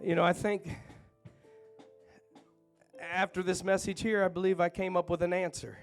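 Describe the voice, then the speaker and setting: High-voiced, gravelly man preaching a sermon. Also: little pitch movement, normal speed, faint music behind. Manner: fervent, climbing to shouted repeated refrains; folksy, chatty asides to the congregation. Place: church.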